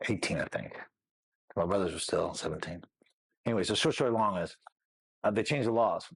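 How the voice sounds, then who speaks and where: A middle-aged man with a somewhat low voice talks through his personal history as an interview guest. He rambles candidly, circling back and tossing in "you know what I mean" again and again. The sound is close and dry, with no room around it. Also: fairly quick, creaky, breathy edge, dry recording.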